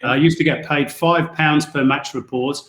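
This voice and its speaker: A man, a sports commentator, chatting as a guest in a relaxed podcast interview. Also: fairly high pitch, normal speed, echoey room, slight background noise. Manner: relaxed, chatty, self-deprecating.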